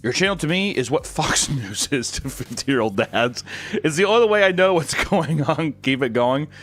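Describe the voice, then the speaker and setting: A young man chatting casually on stream as he reads fan messages, throwing in crude, sarcastic jokes. His voice sits a little high and swings up and down lively, with faint music underneath. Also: moderate pace. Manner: crude, joking, sarcastic asides. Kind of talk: casual chat.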